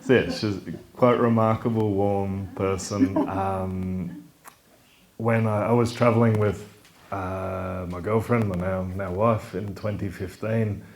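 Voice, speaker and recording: A man introducing a talk in a relaxed, hesitant way, with many fillers. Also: low voice, slow pace. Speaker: event presenter. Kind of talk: casual speech introducing a talk.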